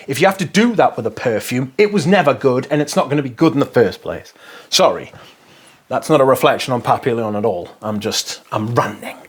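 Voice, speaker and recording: A man's voice: mid-range voice, lively intonation, quick pace, slightly rough. Chatty guy doing a casual review, goes off on tangents. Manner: rambling, chatty, swears while ranting. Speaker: fragrance reviewer. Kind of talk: casual first-impressions review.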